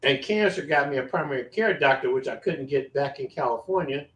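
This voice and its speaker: A man casually telling a personal story to his viewers, animated and profane, with emphatic repetition. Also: medium pitch, brisk. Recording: roomy echo.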